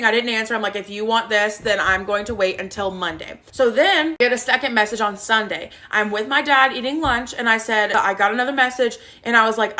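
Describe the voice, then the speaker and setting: A woman vlogging an animated storytime, retelling events with exasperation and quoting herself. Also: on the high side. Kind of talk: storytime vlog.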